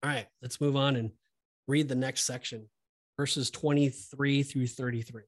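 Male co-host, earnest Bible discussion, mid-range voice, halting delivery with fillers. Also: medium pitch, steady tone. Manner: earnest, preachy, with many fillers and restarts. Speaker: podcast co-host.

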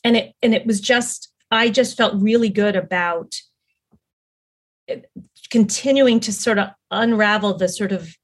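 A middle-aged woman talking as a podcast guest, telling her story in an earnest, rambling way with many fillers and restarts. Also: mid-range voice. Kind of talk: casual conversational storytelling.

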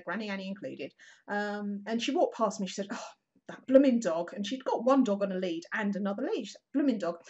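A woman's voice: mid-range voice, slightly rough, dull audio. Woman rambling through a neighbourhood story, lots of ums, acts out the voices. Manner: chatty, animated, acts out quotes, frequent fillers. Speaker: regular contributor. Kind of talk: casual storytelling chat.

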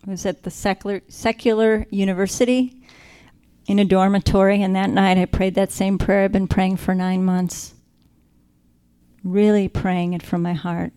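A woman sharing a personal faith testimony, earnest and reflective, slowing down to stress key moments. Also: mid-range voice, flat delivery, dark tone, smooth. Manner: earnest, reflective, slows down for emphasis.

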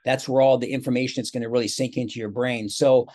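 A man's voice: mid-range voice, fast talker. A man in his sixties, a motivational speaker, telling his life story as an interview guest in a chatty, anecdotal way. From Seattle, USA. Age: 60s. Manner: chatty, animated storyteller with quoted dialogue.

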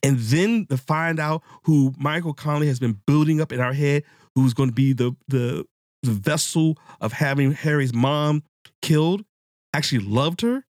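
Excitable man hosting a book podcast. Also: on the high side, moderate pace, no echo, clean studio sound. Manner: excitable, rambling, swears freely. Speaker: podcast host. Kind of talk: casual book-discussion podcast.

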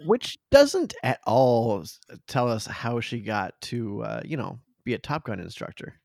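Podcast cohost tossing in dry deadpan jokes, voice jumps around a lot, dead dry mic. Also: mid-range voice, unhurried, gravelly, no room sound. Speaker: podcast co-host. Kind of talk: casual movie recap chat.

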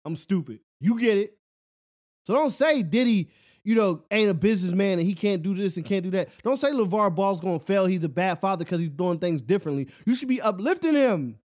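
A man hosting a solo podcast, rambling in a casual, animated rant, often laughing at his own jokes and asking "you know what I'm saying". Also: high-pitched, brisk. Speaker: podcast host.

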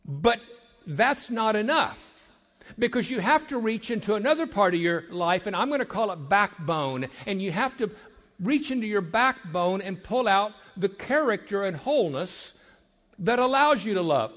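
An older man who works as a marriage counselor addresses young people in an emphatic, sermon-like talk, building on repeated phrases and sometimes dropping to a hush. His high voice has a sing-song quality at normal speed, with long hall reverb.

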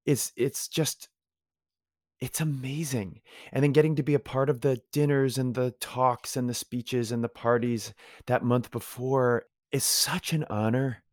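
A man's voice: mid-range voice, steady tone, a little slow, dry recording. Effusive man rambling through stories, dry. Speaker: guest actor. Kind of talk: casual interview chat.

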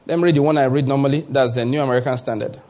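A middle-aged Nigerian man preaching a sermon, animated, stretching key words for emphasis and chuckling between points. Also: medium pitch, rapid-fire. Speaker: pastor.

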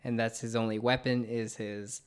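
A man's voice: fairly low pitch, little pitch movement, moderate pace, clean tone. Upbeat male podcast host. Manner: upbeat, laughs often, filler-heavy. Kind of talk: casual podcast chat.

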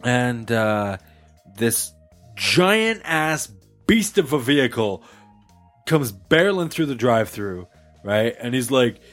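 A man's voice: mid-range voice, takes it slowly, pauses often, faint music behind. A man telling a story in casual chat with friends, swearing and acting out the voices of the people in it. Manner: animated, swears a lot, acts out voices. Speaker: podcast host telling a story.

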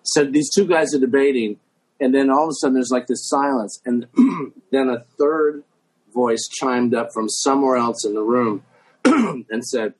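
A man's voice: mid-range voice, unhurried, breathy edge, poor audio. A man hosting a podcast, telling a story in a rambling way with many fillers. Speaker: podcast host. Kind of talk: casual storytelling.

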